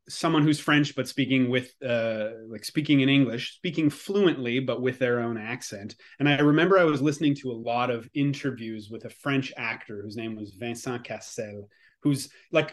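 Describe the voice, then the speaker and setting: Easygoing Canadian actor, chatty and rambling. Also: male voice, mid-range voice. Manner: relaxed, rambling with many fillers and restarts. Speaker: actor guest. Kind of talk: casual interview chat.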